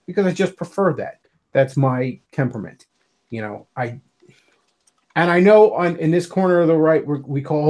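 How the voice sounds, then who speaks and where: A man's voice: on the high side, a little mellow. Profane, ranting male livestream host. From United States. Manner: profane, heated, sarcastic. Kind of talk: ranting casual monologue.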